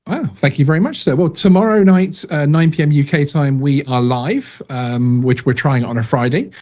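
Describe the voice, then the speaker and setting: A man's voice: on the high side, normal speed, a little mellow, lo-fi sound. A man, a guest on a live stream, talking casually with many hesitations. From United Kingdom. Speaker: guest drone channel host.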